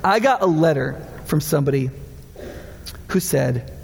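A man's voice: fairly high pitch, animated, unhurried, vocal fry, a little hiss or hum. A man preaching as a pastor in a casual, conversational sermon, acting out the voices of people he quotes. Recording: long hall reverb.

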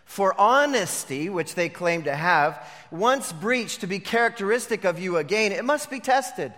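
A male pastor delivers a sermon in a high, bright, ringing voice. He drops to a hush and then rises to firm emphasis. The sound carries the long reverb of a church hall. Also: expressive, unhurried. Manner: swings from hushed to emphatic preaching.

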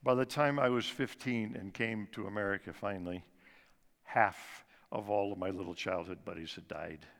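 A guest speaker in his sixties gives a personal testimony in a church sanctuary, telling his story earnestly and slowing down and going soft for emphasis. His voice is fairly low, steady and creaky, with the long reverb of a large church hall.

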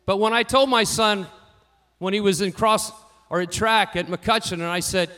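A man preaching a sermon, telling personal stories and swinging from quiet asides to louder emphatic lines. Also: high voice, normal speed. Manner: storytelling, varies loudness widely, rising for emphasis. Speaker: pastor.

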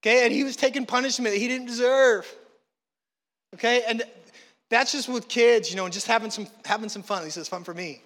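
A man with a high, bright voice gives a sermon in a reverberant hall. He tells a story in an animated way and slips into the voices of the people he quotes. The long echo of the room trails behind his words. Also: a little fast. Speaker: pastor.

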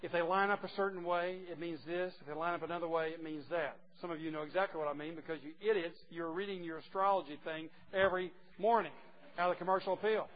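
A man preaching a sermon, emphatic and teasing, swinging from quiet asides to loud declarations. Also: on the high side, fairly even intonation, fast. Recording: dull lo-fi recording with faint noise.

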